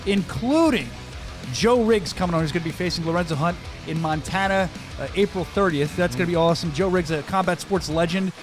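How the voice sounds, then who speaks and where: Fast-talking energetic male podcast host. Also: sits high, over music. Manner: energetic, rambling with restarts. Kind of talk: casual chat. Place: studio. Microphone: studio mic.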